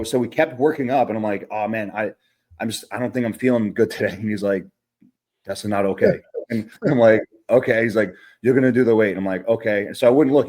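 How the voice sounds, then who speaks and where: A man's voice: on the low side, a little mellow. A man co-hosting a podcast in casual chat, rambling through gym stories with lots of fillers and casual swearing. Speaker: podcast co-host, bodybuilder.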